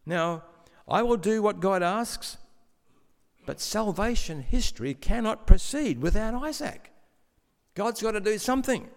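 A man's voice: sits high, animated. Man preaching in a long-reverb hall. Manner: measured, explanatory, with some stammering restarts. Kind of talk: sermon.

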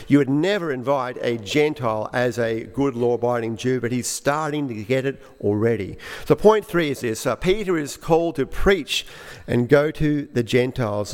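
A man preaching a sermon, explaining scripture in a halting way and often repeating words. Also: medium pitch, big-room sound.

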